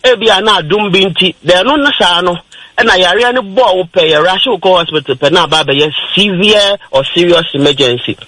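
A man's voice: high-pitched, lively intonation, a little fast, pushed and bright, no room sound, poor audio. A Ghanaian man presenting a radio health talk, explaining step by step and mixing in English terms. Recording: radio broadcast.

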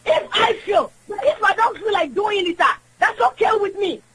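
A woman's voice: extremely high pitch, lively intonation, moderate pace, a bit bright, poor audio. A woman calling in to a radio show, talking emphatically and in a preachy way while mixing languages. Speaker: radio caller. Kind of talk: call-in opinion talk.

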